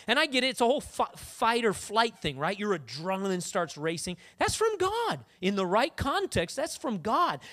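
Woman preacher, sermon, lively swooping pitch, chatty, acts out voices. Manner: animated, conversational, acts out quoted voices.

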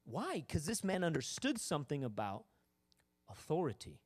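A pastor preaches in a loose, conversational way, tossing in jokes and asides. His voice sits a little high and leaps all over the place. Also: huge pitch swings, moderate pace. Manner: casual, joking preaching full of asides. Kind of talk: sermon.

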